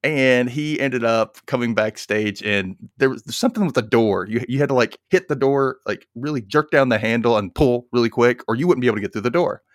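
A man in his young adult years spins a lively backstage yarn in easy conversational chat. His voice sits in a middle register, recorded close and completely dry. He slips into the voices of the people he quotes. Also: mid-range voice, a little fast, few pauses, dry recording. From Memphis area. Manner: animated storyteller, acts out quoted voices with laughs. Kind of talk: casual storytelling chat.

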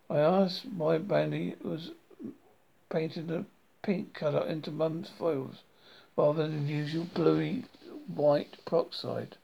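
A man's voice: on the high side, fairly even intonation, unhurried, gravelly, mellow, husky. A man reading a comic diary novel aloud, with frequent slips and restarts. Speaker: reader.

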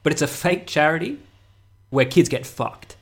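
Sardonic man with lively pitch. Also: moderate pace, creaky, husky. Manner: crude, sardonic jokes delivered flatly. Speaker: podcast co-host. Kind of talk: casual chat.

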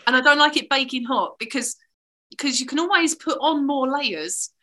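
Chatty woman from the south of england, kinda high and really bright, rambles on and laughs a lot. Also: expressive, normal speed. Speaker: guest musician. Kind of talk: casual chat.

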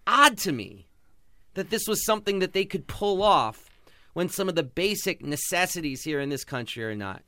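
A man's voice: high voice, big pitch swings, moderate pace, pushed and bright, no room sound. A man hosting a podcast, giving passionate, sarcastic sports commentary. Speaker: podcast host.

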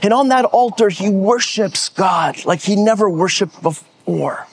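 Pastor guy preaching, kinda high voice, says stuff over and over when he gets going. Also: unhurried, breathy edge. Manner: repeats words when stressing a point, rallies the audience. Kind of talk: sermon.

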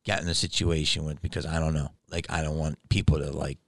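A man hosting a podcast, telling a story in an animated, profane way and acting out both sides of a quarrel. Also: rumbling low, quick pace, creaky, no echo. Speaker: podcast host. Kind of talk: comedic storytelling.

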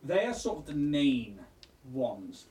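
Guy running a tabletop game, kinda high voice, loose and chatty, echoey room, mic a bit far off. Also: big pitch swings, slow, a little mellow. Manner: casual, chatty, many fillers, laughs often. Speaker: game master.

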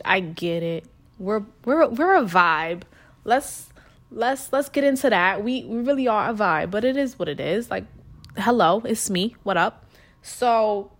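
A young adult woman with a New York accent tells her story in a loose, unscripted monologue. She is blunt and foul-mouthed and talks straight to her audience as if they were friends. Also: a little high. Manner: blunt, crude and profane, talking straight to listeners.

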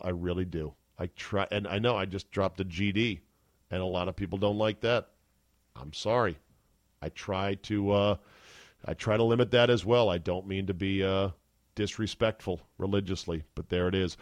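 A man hosting a sports podcast, talking casually with a wisecracking, profane, animated manner. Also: on the low side, no echo. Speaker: podcast host.

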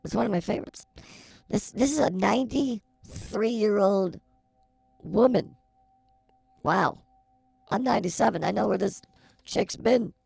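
A woman's voice: medium pitch, gravelly, warm tone, breathy edge, no room sound. A woman playing a sassy, blunt sidekick on a comedy psychic show, full of teasing wisecracks. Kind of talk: comedy sketch.

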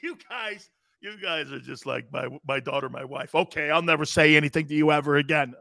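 Brash middle-aged male sports-talk host, high lively gravelly voice, bright and dry. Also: normal speed, no room sound. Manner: loud, animated, shouting and laughing, brash. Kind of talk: live sports talk show, reading chat comments.

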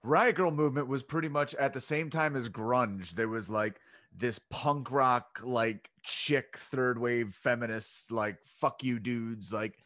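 A man's voice: mid-range voice, measured pace, sharp tone. A man hosting a podcast in casual chat, loose, rambling and profane. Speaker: podcast host. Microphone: home podcast mic, separate channel.

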